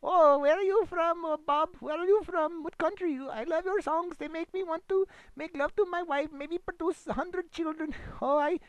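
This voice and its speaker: A man voicing a bumbling, crude male radio DJ with a put-on foreign-sounding delivery and broken English, rambling excitably into a home computer microphone. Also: extremely high pitch, no echo. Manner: rambling, excitable, swings between loud bursts and mumbles. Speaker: comic radio host persona. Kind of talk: improvised comedy monologue.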